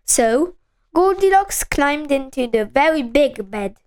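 Slow-reading woman. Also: sits high, animated, a little mellow. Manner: slow and clearly enunciated for children. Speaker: storyteller. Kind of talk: storybook read-aloud.

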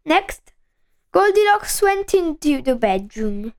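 A woman reading a children's storybook aloud, slowly and with clear enunciation. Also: high-pitched, very animated.

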